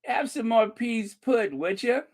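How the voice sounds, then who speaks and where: A man's voice: very high-pitched, lively intonation, measured pace, voice pushed up, full character voice. A man putting on a chummy, exaggerated as a man offering food. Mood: teasing. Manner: playful, exaggerated.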